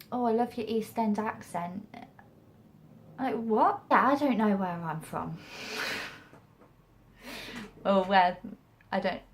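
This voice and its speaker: A woman's voice: mid-range voice, a little hiss or hum. A young English woman with a mixed regional accent, chatting casually to camera about acting, rambling with restarts. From England. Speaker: acting vlogger.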